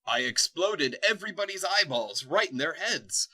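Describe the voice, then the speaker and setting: A man voicing a gloating tentacled alien dark lord who keeps repeating a catchphrase. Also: fairly high pitch, sing-song, moderate pace, voice pushed up, full character voice.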